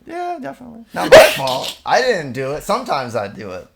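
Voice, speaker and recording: A man's voice: a little high, huge pitch swings, brisk, creaky, over a noisy crowd. A young man as a podcast guest, easygoing and laid-back in casual chat.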